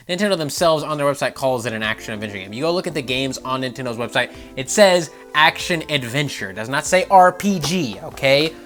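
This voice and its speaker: A man giving opinionated gaming commentary, animated and swearing as he mocks the people he quotes. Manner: animated, swears, mocking quoted voices with big pitch jumps.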